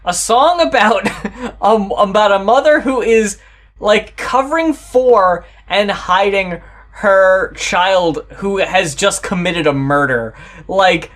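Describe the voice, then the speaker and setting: A man's voice: high voice, slow pace, fairly bright tone. A man co-hosting a casual album reaction talk, enthusiastic and swearing, at times reading notes aloud. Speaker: co-host reviewing albums.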